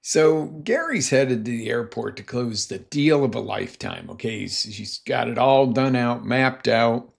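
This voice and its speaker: Gravelly-voiced male motivational coach. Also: mid-range voice, unhurried, few pauses. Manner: emphatic, animated storyteller. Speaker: life coach. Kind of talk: motivational talk with storytelling.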